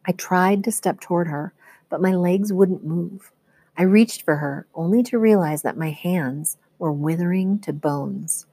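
A woman teacher reading a novel chapter aloud in a steady, expressive storytelling manner. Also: on the low side, unhurried, husky, no echo.

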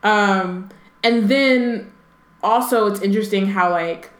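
A woman co-hosting a podcast, talking through a book chapter in a loose, filler-heavy way with playful asides. Her voice sits at a mid pitch. The room around her rings with a noticeable echo. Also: slow pace. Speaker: podcast co-host. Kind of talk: casual book-club chat, reading passages aloud.

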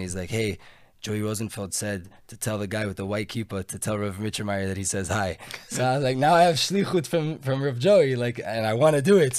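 A young man telling a story in casual chat, animated and quick, with lots of fillers. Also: on the low side, dry recording, clean studio sound. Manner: animated, talks fast with many fillers.

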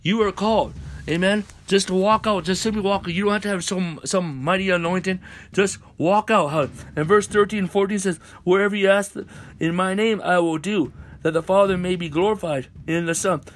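A man's voice: high voice, moderate pace. A man preaching a sermon over a conference call, dropping in hallelujah and amen between phrases and rising into chanted repeated lines.

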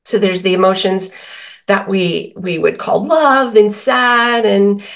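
A woman's voice: mid-range voice, fairly even intonation, slow pace, vocal fry. A woman guest on a podcast interview, explaining feelings with everyday examples and quoted dialogue. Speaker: author and guest.

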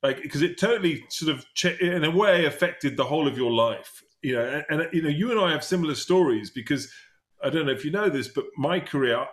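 A man's voice: on the high side, expressive, fairly quick, fairly bright tone. Rambling middle-aged male interview host. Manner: rambling, many restarts and fillers. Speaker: podcast host. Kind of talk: casual interview chat.

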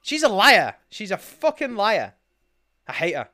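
A man's voice: high voice, wildly swooping pitch, measured pace, bright, forceful tone, no room sound, studio quality. A British man co-hosting a casual podcast, ranting with heavy profanity. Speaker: podcast co-host.

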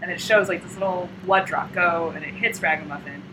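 A young woman in casual chat, retelling a comic story with lively energy and frequent laughs, acting out the lines. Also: fairly low pitch, a little fast. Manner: animated, acts out quotes in silly voices, laughs often. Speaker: podcast co-host. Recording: noticeable background noise.

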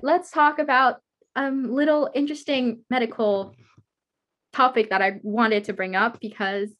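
A woman with a high, bright-toned voice hosts a casual interview over a video call. She talks in a chatty, rambling way and giggles often. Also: fairly even intonation, measured pace, faint music behind. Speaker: guest host interviewer. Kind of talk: casual chat.

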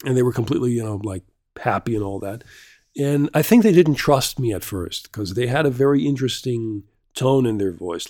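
A man's voice: lowish voice, darkish tone, dry recording, clean studio sound. A man hosting a casual solo podcast, rambling through a story with lots of restarts, fillers and swearing. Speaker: podcast host.

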